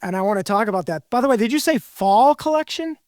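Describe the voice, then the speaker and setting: A man's voice: high voice, animated, rapid-fire, no room sound, clean studio sound. A man hosting a podcast, talking candidly in a rambling, self-deprecating way. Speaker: podcast host. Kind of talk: casual podcast conversation.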